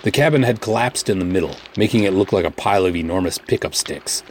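A man reading a first-person pulp adventure audiobook in a measured, matter-of-fact way. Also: low-pitched, lively intonation, a little mellow, a little hiss or hum. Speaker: narrator.

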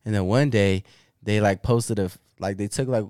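A man in his thirties co-hosting a podcast, telling stories in a relaxed, casual way and often breaking into laughter. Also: lowish voice, moderate pace, clean tone, no room sound, studio quality. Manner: laid-back storytelling, bursts of laughter. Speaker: podcast co-host. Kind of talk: casual chat.

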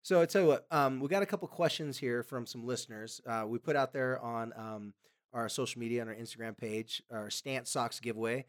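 A man's voice: mid-range voice, fairly quick. A man hosting an advice podcast, chatting casually with frequent ums, coughing now and then. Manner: relaxed, with frequent ums and quoted voices. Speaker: podcast host.

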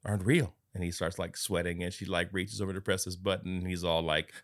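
A man's voice: low voice, flat delivery, a little fast, no room sound, studio quality. A man co-hosting a podcast, recapping a movie in casual, profane chat and acting out characters' lines with laughter. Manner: swears often and acts out lines, laughing. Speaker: podcast co-host.

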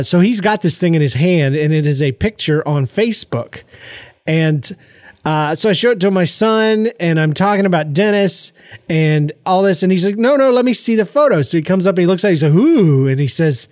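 A middle-aged man with a stuffy, congested voice rambles cheerfully through family anecdotes on his podcast, pitched a touch high and jumping into quoted voices. He sits close to the mic in a dry, dead-sounding room. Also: dry recording. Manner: animated, jokey storytelling with laughs and voiced quotes. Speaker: podcast host. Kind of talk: casual solo podcast storytelling. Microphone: close podcast microphone.

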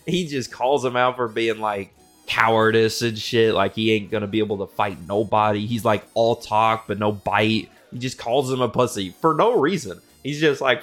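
A young man casually retelling myths as a comedy host, slangy and profane, popping into quick mimicry of the characters. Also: fairly low pitch, fairly bright tone, soft background music. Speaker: podcast host.

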